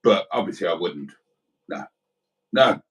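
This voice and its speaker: A man's voice: sits low, animated, a little slow, rough recording. Crude, joking man co-hosting. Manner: crude, joking, rambling anecdotes. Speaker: livestream co-host. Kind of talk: casual banter.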